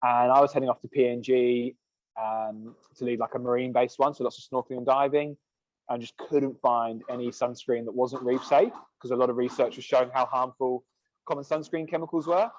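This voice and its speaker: A mid-range male voice talks fairly quickly in a dull, dry podcast recording with no room sound. The speaker, a sunscreen company co-founder in his thirties, is a guest who rambles casually, sprinkling in lots of "like" and "um."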